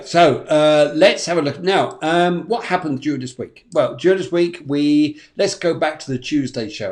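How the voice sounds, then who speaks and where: A man's voice: fairly high pitch, darkish tone. Chatty middle-aged man hosting a live stream. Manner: chatty, rambling, full of fillers and repeated phrases; reads out viewer comments and greets them. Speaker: host and medium. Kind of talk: casual live-stream chat. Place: home studio in Spain.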